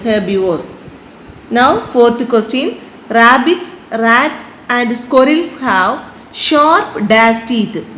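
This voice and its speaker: Slow-dictating woman teacher, fairly high voice, spells words letter by letter, faint hiss behind. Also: fairly bright tone, poor audio. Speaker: primary school teacher. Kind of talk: slow dictated classroom lesson.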